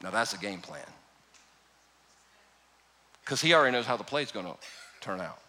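A man preaching a sermon as pastor, animated and emphatic, with humorous storytelling. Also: lowish voice, normal speed.

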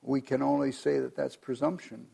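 An American man preaching a sermon as pastor, reading scripture aloud and explaining it in an earnest, measured way. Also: medium pitch, flat delivery, mellow. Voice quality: gravelly.

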